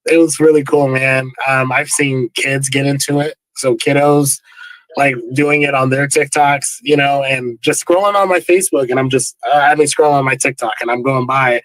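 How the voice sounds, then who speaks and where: A man being interviewed as a guest musician, easygoing and halting, repeating words as he searches. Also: medium pitch, fairly even intonation, fairly bright tone, no echo, rough recording. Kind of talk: casual interview chat.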